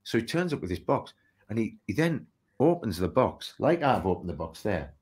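Lively man telling stories. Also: fairly low pitch, normal speed, husky. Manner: lively anecdotal, acts out dialogue. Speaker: author and speaker. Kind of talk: storytelling in an interview.

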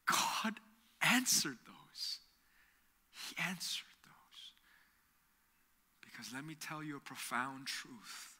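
A man pastor preaching a sermon, telling a story with loud emphatic stretches that drop to a hushed near-whisper. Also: mid-range voice. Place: church sanctuary.

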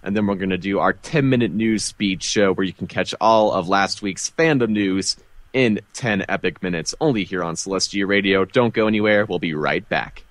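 A man's voice: deep voice, moderate pace, a bit bright. A man hosting a radio show, reading weather and news with easygoing, chatty host patter. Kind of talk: casual radio chat and news.

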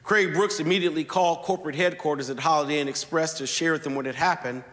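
A man preaching a sermon as pastor, telling a story slowly and leaning hard on key words. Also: fairly high pitch, a bit bright. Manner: storytelling preacher with slow, deliberate emphasis. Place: church sanctuary. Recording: long reverb of a large church hall.

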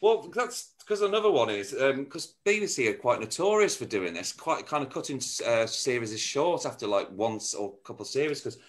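A man's voice: medium pitch, animated, brisk, few pauses. A man, hosting a chatty, casual interview and laughing easily.

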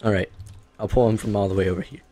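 A man's voice: fairly low pitch, steady tone, rapid-fire, warm tone. A man hosting casual gaming commentary, rambling, joking and swearing freely as he plays. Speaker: gaming channel host.

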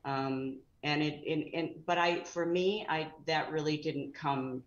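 A woman's voice: low-pitched, fairly even intonation, measured pace, roomy sound, highs cut off. A middle-aged woman chatting casually as a guest actress, rambling a little with fillers as she talks. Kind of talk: casual chat.

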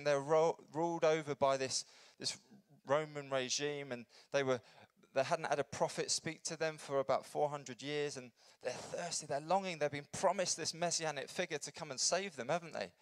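Earnest man preaching with a smooth voice. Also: no room sound. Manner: earnest, builds up then drops to a soft low voice. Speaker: pastor. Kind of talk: sermon. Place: church.

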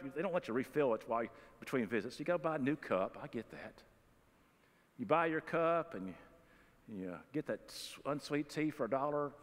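Folksy preacher in a reverberant church. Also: male voice, on the high side, a bit bright. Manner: folksy, conversational preaching with humorous asides. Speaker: pastor. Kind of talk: sermon. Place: church sanctuary. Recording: long reverb of a church hall.

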